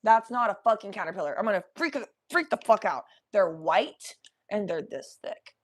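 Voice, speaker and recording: A young woman spinning a wild story on her podcast, animated and loose with the swearing. She laughs her way through it in a mid-pitched, casual voice. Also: normal speed. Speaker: podcast host.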